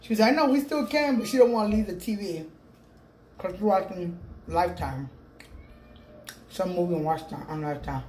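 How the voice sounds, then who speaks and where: With a fairly low, steady, mellow voice, a middle-aged woman rambles to her "people" in a mukbang vlog, speaking at a moderate pace and pausing often. She records on a phone with a clip-on mic in a room at home. There is noticeable echo and a faint background hum.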